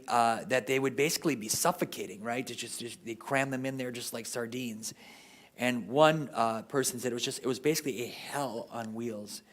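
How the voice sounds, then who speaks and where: A man giving an informal history lecture at a parish, talking off the cuff and often ending sentences with "right?". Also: medium pitch.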